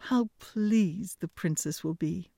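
A woman voicing a simple, cheerful peasant youth who shouts out merrily in a storybook reading. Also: fairly low pitch, takes it slowly, gravelly, no room sound, clean studio sound, exaggerated voice. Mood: eager.

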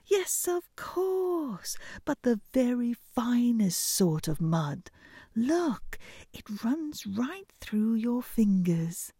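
A woman voicing a simple, cheerful peasant youth who shouts out merrily in a storybook reading. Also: fairly high pitch, big pitch swings, drawn-out words, breathy edge, no echo, studio quality, voice pushed up, heavily acted. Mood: eager.

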